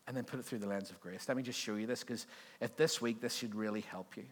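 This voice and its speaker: A man's voice: fairly low pitch, fast talker, slight background noise. A male pastor preaching a sermon in a conversational, joking way, often asking the congregation questions. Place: church service before a congregation.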